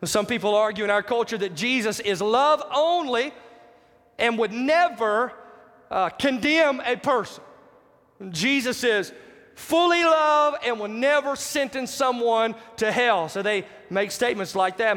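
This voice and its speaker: A man's voice: very high voice, expressive, slow pace, sharp tone. A man preaching a sermon, emphatic, repeating key phrases and putting questions to the congregation. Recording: long hall reverb.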